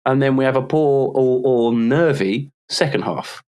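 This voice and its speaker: A man's voice: mid-range voice, a little slow, a little mellow, clear, resonant tone. London man in casual football chat. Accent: London English. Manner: chatty, teasing, laughs easily. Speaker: podcast co-host.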